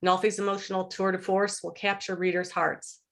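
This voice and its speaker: Woman author from Ohio, nervous and halting, near tears, on a video call. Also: medium pitch, little pitch movement, a bit bright. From Ohio, USA. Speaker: guest author. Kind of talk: nervous self-introduction at a virtual event.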